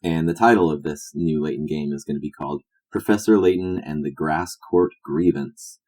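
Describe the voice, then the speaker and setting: A man co-hosting a comedy podcast, rambling through a silly improvised pitch. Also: normal speed, darkish tone. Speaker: podcast co-host. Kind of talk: casual comedic chat.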